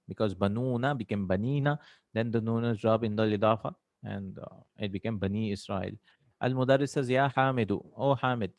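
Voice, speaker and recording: A man's voice: medium pitch, no room sound, clean studio sound. A man teaching an Arabic grammar lesson, explaining terms step by step and often checking with "right?".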